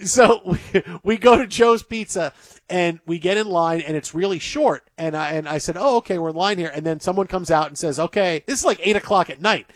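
A male sports talk host from the Detroit area, chatting in animated, rambling banter that repeats itself. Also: high voice, normal speed, dry recording, studio quality. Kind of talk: casual banter.

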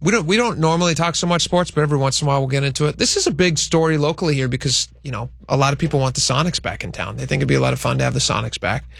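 A man's voice: medium pitch, rapid-fire, gravelly, few pauses, no echo, studio quality. A man hosting a radio talk show, chatting casually with his cohost in a rambling way.

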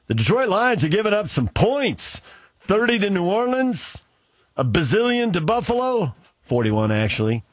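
Lively, teasing sports radio host, dry sound. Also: male voice, high voice, moderate pace, no echo.

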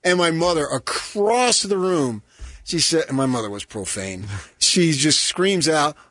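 Man, sports radio host, husky voice, dry close sound, animated storyteller. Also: unhurried, dry recording. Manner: animated storyteller, loud high impressions of his mother. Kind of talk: casual storytelling on radio show.

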